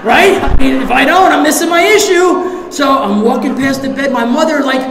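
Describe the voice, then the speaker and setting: Man, recovery meeting speaker, high voice, animated storytelling, echoey hall, audience behind. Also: normal speed, some chatter behind. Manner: animated storyteller, acts out voices, shouts punchlines. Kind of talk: recovery share to a live audience.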